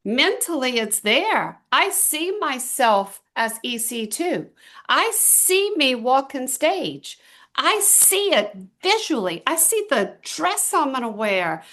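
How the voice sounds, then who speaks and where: A middle-aged woman giving a motivational talk to a small group, telling stories with emphatic, drawn-out stresses. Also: sits high, very animated, a bit bright. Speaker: team trainer.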